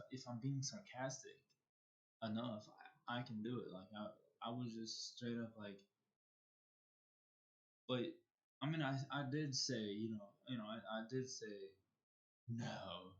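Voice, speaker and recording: A male streamer chats casually at a mid pitch, telling a story that wanders and circles back on itself. He keeps restarting his sentences. His mic sounds slightly dull and lo-fi. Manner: rambling, restarts sentences often. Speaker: livestreamer.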